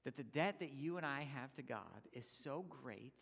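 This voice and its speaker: A man preaching as a guest speaker, emphatic, swinging between loud points and near-whispers. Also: medium pitch, animated, moderate pace, gravelly, breathy edge. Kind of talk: sermon. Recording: long hall reverb.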